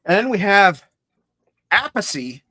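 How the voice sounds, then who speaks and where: On a livestream, a male co-host talks with lively enthusiasm about his CD collection. His voice is high-pitched and a little slow, recorded dry with clean studio sound.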